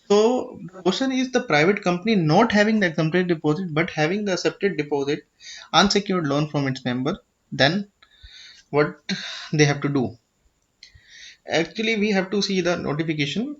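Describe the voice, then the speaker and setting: This tutorial presenter, a man with an Indian English accent, speaks a little high-pitched with a fairly bright tone as he screen-shares a filing form and explains it step by step. He repeatedly asks "okay?" to make sure viewers follow and often restarts his phrases. The recording sounds dull and lo-fi.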